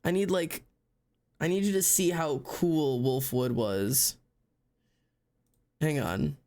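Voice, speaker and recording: A woman's voice: low-pitched, takes it slowly, warm tone. A woman streamer chatting casually, ranting and swearing, with dramatic wails of mock despair. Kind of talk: casual live-stream chat.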